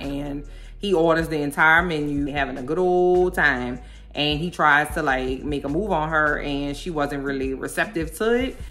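A woman hosting a casual commentary vlog, animated and sassy, talking straight to her viewers. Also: low voice. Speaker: video host reacting to a documentary.

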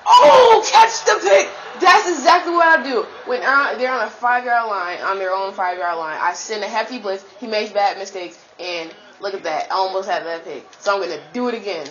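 A woman commentates her own football video game live, talking trash at her opponent in a mid-pitched voice and jumping into sudden high-pitched shouts when a play goes her way. The sound is a little muffled and lo-fi, like a basic home microphone. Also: fairly quick, few pauses.

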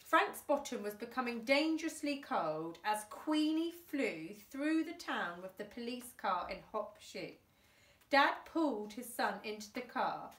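A woman teacher reading a children's book aloud, animated and with chatty asides. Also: fairly high pitch. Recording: roomy room, distant mic.

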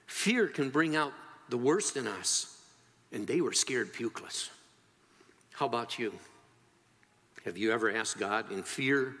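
A male pastor preaching a sermon, telling the story with animated swings between loud, high moments and quiet, low ones. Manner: animated storytelling with wide swings in pitch and loudness. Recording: long hall reverb.

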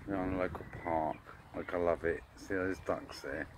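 A man chatting to his dog on a park walk, filming on a phone outdoors, talking casually and breaking into excitable bursts. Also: low voice, normal speed. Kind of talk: casual vlog narration. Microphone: phone camera mic. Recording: noisy outdoor phone recording. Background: birds and ducks, outdoor ambience.

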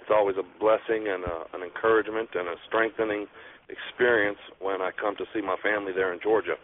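A man, a church elder, calling in to a radio show, earnest and halting with many pauses. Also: fairly low pitch, fairly even intonation. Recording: phone line with faint noise.

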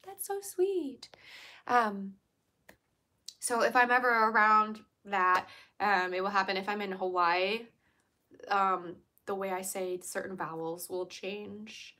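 Chatty young woman on a livestream, bright clear voice, laughs a lot, reads out comments. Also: medium pitch, steady tone, slow pace. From Virginia, US. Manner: chatty, laughs often, answers viewer comments. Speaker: livestream host. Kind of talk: casual livestream chat.

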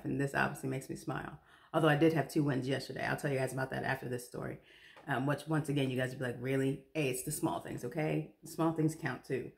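A woman's voice: sits low, gravelly. A young woman vlogger chatting casually to the camera, chatty and self-mocking, laughing often.

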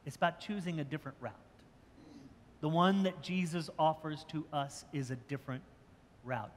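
A man's voice: a little high, moderate pace. An older man, a pastor, preaching a sermon in a conversational way, often restarting his phrases. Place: church sanctuary. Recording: church hall with long reverb.

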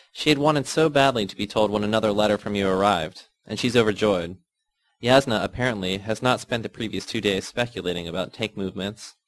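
Low-voiced man narrating a novel. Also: poor audio. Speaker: audiobook reader. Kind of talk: first-person audiobook narration.

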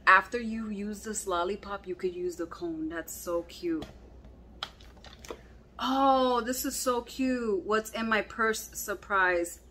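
A woman vlogger chatting casually as she unboxes fan mail, gushing and excitable, calling everything cute over and over. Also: medium pitch, takes it slowly, a little hiss or hum.

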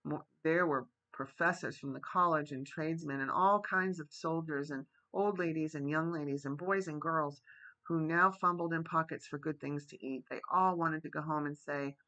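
Gravelly bright-voiced man reading a storybook. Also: fairly high pitch, fairly even intonation, normal speed, low-quality recording. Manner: gentle bedtime-story reading, voicing characters lightly. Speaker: storybook reader. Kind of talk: reading a children's novel aloud.

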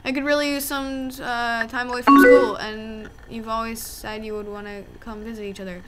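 A woman's voice: a little high, moderate pace. A woman commenting on a game and reading its chat lines aloud, often squealing and laughing as she reacts. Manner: animated, squealing and laughing at the story. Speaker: let's play gamer. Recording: loud music behind the voice.

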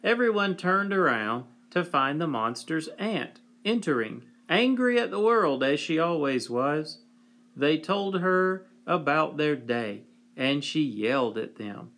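Male storyteller: slightly high, unhurried, wry read-aloud of a silly children's tale. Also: big pitch swings, a bit bright. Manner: slow, deliberate, wry delivery, clears throat.

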